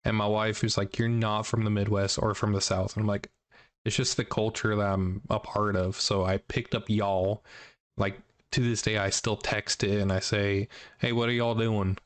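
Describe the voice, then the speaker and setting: A man's voice: fairly low pitch, little pitch movement, moderate pace, no echo. A man from Oregon, a podcast co-host, chatting easily, slurring some words and clipping others. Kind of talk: casual chat. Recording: dry close sound.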